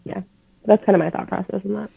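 A young woman in casual chat, talking fast with lots of fillers, blunt and swearing freely. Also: medium pitch, steady tone, creaky, husky, dry recording, phone-quality sound.

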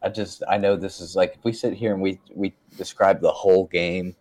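A man's voice: low-pitched, steady tone, a little fast, darkish tone. A man co-hosting a casual gaming podcast, rambling and laid-back with plenty of swearing. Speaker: podcast co-host.

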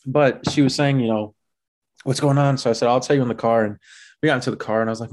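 A man's voice: medium pitch, steady tone, fast. A young man telling a personal story in a casual, chatty way, with many filler words, laughing at himself now and then. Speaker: guest telling his vocation story.

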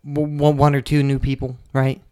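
A man's voice: medium pitch, monotone, moderate pace, mellow, clean tone, dry recording, studio quality. A young man hosting his own podcast, telling loose, profane, jokey stories in a casual rambling monologue. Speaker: podcast host.

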